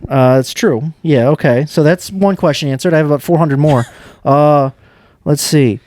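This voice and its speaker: Chatty man with a slightly high voice. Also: moderate pace, a little mellow, dry recording, studio quality. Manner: chatty, rambling, laughs often. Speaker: podcast co-host. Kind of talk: casual movie review chat.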